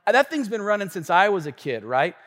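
Animated high-voiced pastor in a reverberant church. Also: male voice, fairly quick. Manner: animated storytelling, conversational asides. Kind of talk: sermon. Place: church sanctuary.

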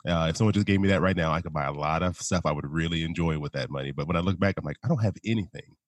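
Fast-talking deep-voiced man guest. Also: fairly even intonation, no room sound. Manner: easygoing storyteller, light self-mocking humor. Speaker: podcast guest. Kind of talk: casual interview chat. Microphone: remote video call.

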